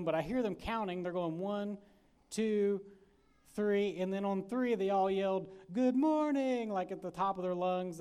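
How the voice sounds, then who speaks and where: A man's voice: sits high, darkish tone, smooth. A man preaching a casual storytelling sermon in a church, folksy and chatty, with many fillers and acted-out asides. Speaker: pastor. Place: church sanctuary.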